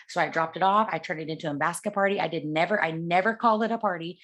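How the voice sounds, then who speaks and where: A woman's voice: on the low side, fairly even intonation, quick pace, a bit bright. A woman giving sales tips in a casual coaching talk, chatty and acting out the conversations she quotes. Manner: chatty, acts out quoted dialogue.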